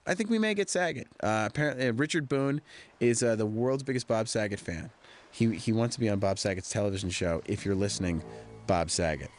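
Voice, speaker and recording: A man, a film director, giving a DVD audio commentary, telling stories in an animated way and mimicking the people he quotes. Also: fairly low pitch, a little fast, soft background music. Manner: animated anecdotal storytelling, mimicking others in quoted dialogue.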